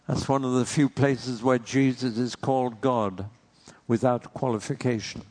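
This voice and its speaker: Slow, earnest male preacher. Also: mid-range voice, steady tone, a little mellow. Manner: slow, earnest, asks rhetorical questions. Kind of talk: sermon.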